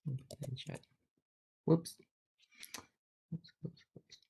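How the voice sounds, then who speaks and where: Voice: medium pitch, steady tone, drawn-out words, vocal fry, dark tone, breathy edge. A meeting chair casually running a student senate meeting over a video call. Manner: casual, chatty presiding.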